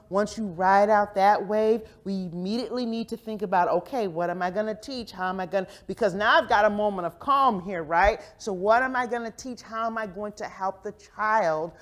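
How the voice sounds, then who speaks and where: Presenting on early childhood education, this conference speaker gives an interactive professional development talk in a session room. With a mid-range voice, she's animated, voices the people she quotes, and frequently asks "right?"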